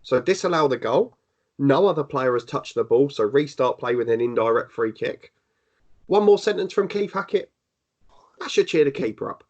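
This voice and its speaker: A man's voice: mid-range voice, animated, moderate pace, darkish tone, muffled recording. Dry-humored man reading scenarios. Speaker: podcast host asking questions. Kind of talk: reading out scenarios, casual chat.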